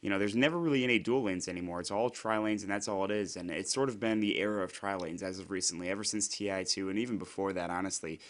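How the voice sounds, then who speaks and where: Slightly hoarse chatty male commentator. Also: sits low. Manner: chatty, rambling, frequent fillers and self-corrections. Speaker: esports commentator. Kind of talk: solo play-by-play commentary.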